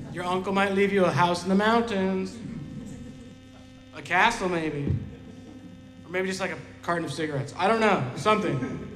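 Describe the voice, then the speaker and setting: A man voicing a rambling middle-aged uncle who talks slowly and loudly, on a live stage with hall echo. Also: sits high.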